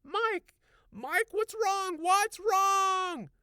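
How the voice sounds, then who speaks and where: A man voicing a fussy middle-aged wife with a shrill, scolding falsetto for an audiobook. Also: takes it slowly, smooth, dry recording, studio quality. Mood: alarmed.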